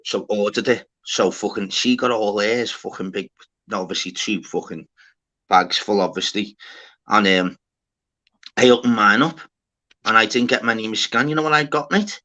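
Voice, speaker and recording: A man hosting a livestream, telling an animated story in casual chat, swearing often and calling people lad and mate. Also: lowish voice, moderate pace. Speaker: livestream host. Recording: dull lo-fi sound.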